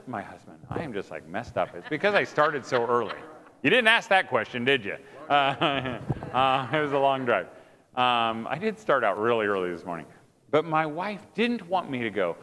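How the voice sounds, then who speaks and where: Speaking in a bright, forceful, medium-pitched voice, a preacher gives a funny sermon in a hall before a live audience, poking fun at himself through stories of family life.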